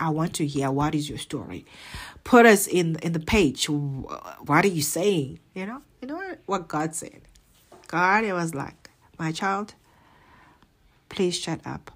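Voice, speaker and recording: Outspoken woman with a husky low voice. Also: a bit bright. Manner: outspoken, emphatic, many fillers. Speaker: podcast host. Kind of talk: personal faith testimony.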